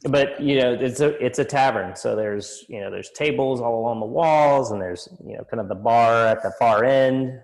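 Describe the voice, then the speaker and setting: A man running a tabletop game as dungeon master, describing scenes in a casual, halting way with many restarts. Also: medium pitch, darkish tone, rough recording.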